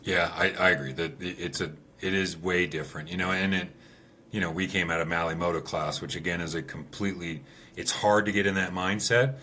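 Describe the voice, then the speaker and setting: Bright-toned deep-voiced man telling stories. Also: brisk, slight background noise. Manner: animated storyteller. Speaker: podcast guest, rally racer. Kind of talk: casual conversation.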